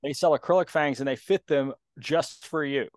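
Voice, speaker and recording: Podcast cohost guy, kinda high voice, dry close sound, matter of fact. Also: normal speed, darkish tone, dry recording. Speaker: podcast co-host. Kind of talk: casual chat.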